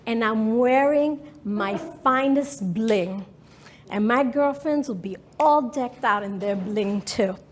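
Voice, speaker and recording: Slow, husky woman telling a story. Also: fairly high pitch. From New York. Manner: dramatic present-tense storytelling, emotional. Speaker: speaker. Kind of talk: personal storytelling talk.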